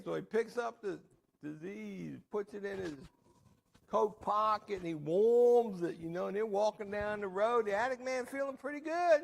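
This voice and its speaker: A middle-aged man hosting a recovery meeting in a jail, telling stories in a lively, joking, plainspoken way. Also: high-pitched, moderate pace, gravelly, very echoey, distant mic. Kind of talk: motivational storytelling to inmates.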